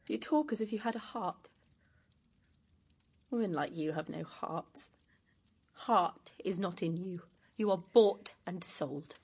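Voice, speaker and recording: A woman's voice: fairly low pitch, takes it slowly, long pauses, a little mellow, slightly rough, heavily acted. An actress playing a proud, indignant young noblewoman in a stage drama, scornful and later frightened. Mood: contemptuous. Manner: scornful, then frightened and tearful.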